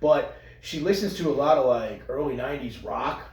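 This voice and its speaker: A man co-hosting a podcast in casual crude banter, animated and profane, with lots of trailing restarts. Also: mid-range voice, normal speed, roomy sound. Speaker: podcast co-host.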